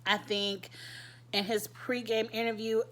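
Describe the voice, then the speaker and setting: A woman giving chatty, sassy commentary as a show reviewer, her throat irritated so that she keeps clearing it. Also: a little high, flat delivery, unhurried, fairly bright tone. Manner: chatty, sassy, laughs often. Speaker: reality TV reviewer. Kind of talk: casual commentary.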